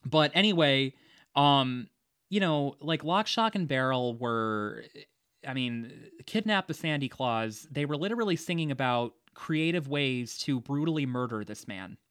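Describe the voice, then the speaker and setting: A man's voice: mid-range voice, animated, measured pace, fairly bright tone, clear, resonant tone, no room sound, clean studio sound. A man hosting a casual movie discussion, chatty, with frequent laughs and fillers. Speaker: podcast host.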